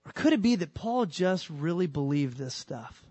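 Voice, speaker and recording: A man preaching a sermon in a relaxed, everyday manner, pushing some lines out loud and dropping others to a quiet, earnest tone. His voice sits a little high for a man. The sound is close and dry, with no room around it. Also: moderate pace, husky, no room sound. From California. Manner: animated, colloquial preaching that swings between loud emphasis and quiet, earnest lines. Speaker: pastor.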